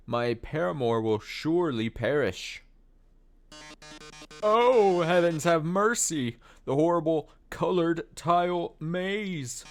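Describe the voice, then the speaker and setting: A man's voice: fairly high pitch, voice pushed up. A man voicing a flamboyant, theatrical male robot TV star, hammy and melodramatic. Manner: hammy, melodramatic, mock-sorrowful.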